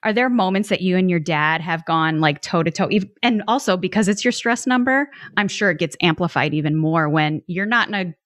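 A woman with a lowish voice hosting a relaxed podcast chat. She talks frankly and bluntly, with swearing and fast acted-out lines, and her voice sounds close and dry, with no room echo. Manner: blunt, swears freely, quick acted asides. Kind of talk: casual podcast conversation.

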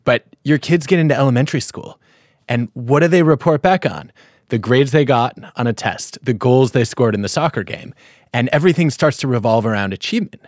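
A man hosts a podcast interview, thoughtful and measured as he tells a story and sets up his questions. His voice sits at a middle pitch. The recording is dry and close. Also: darkish tone, no echo. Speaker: podcast host.

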